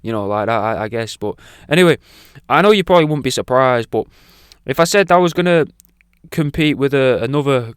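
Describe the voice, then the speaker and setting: A man's voice: mid-range voice, lively intonation, fairly quick, clear, resonant tone, no echo, studio quality. A man hosting a radio show, rambling through an irreverent, sweary monologue.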